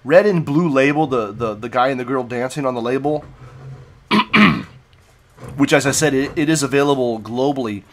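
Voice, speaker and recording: A man's voice: mid-range voice, moderate pace, pauses often, slight background noise. A man hosting a casual, unscripted livestream beer review, rambling and correcting himself as he tells stories. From United States. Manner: rambling, self-correcting, digressive storytelling.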